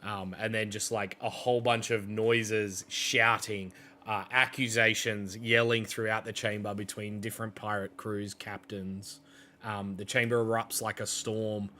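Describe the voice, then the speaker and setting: A man runs a tabletop game, narrating at an unhurried pace with frequent fillers. His voice sits a bit low yet sounds bright and forward. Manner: relaxed, hesitant, many fillers. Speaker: game master.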